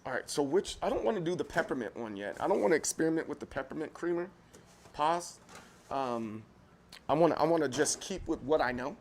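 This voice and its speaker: A livestream host speaks briskly, his fairly high voice full of lively intonation, as he walks through his home kitchen with a handheld camera. He rambles casually and addresses his viewers directly, and a little hiss or hum sits under the audio.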